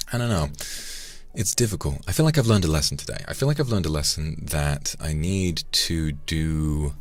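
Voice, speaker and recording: A man's voice: very deep voice, dry recording. A man chatting casually on a live stream, reflecting aloud and thanking viewers by name between thoughts. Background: faint background music.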